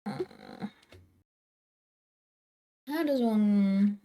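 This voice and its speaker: A chatty woman streams from her home, drawing on camera as she talks to viewers and her cats through a desk microphone, playing up a teasing indignation. She speaks extremely slowly, in a medium pitch, with a warm, clear, resonant tone.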